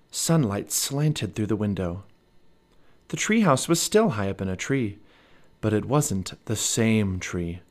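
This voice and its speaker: A man in his thirties reading a children's book aloud as a podcast storyteller, expressive and animated. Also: on the low side.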